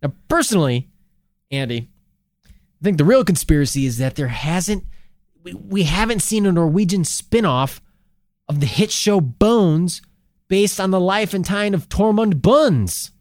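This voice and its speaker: A man's voice: sits high, lively intonation, unhurried, a little mellow, dry recording, studio quality. A man co-hosting a casual podcast in a laid-back bantering way, with plenty of fillers. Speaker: podcast co-host. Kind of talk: casual joking podcast chat.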